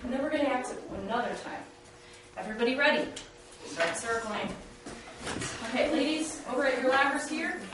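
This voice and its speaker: High-voiced woman teacher, far off in an echoey room. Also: expressive, brisk, pauses often. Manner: directing students through a role-play. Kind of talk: classroom instruction. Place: classroom. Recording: very echoey, distant and noisy classroom recording.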